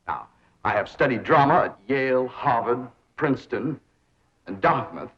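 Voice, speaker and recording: A man's voice: mid-range voice, fairly bright tone. An actor playing a pompous, lovestruck young man who speaks in grand, affected phrases, on dull old TV sound. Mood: grandiose. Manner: grandiose, theatrical, affected diction.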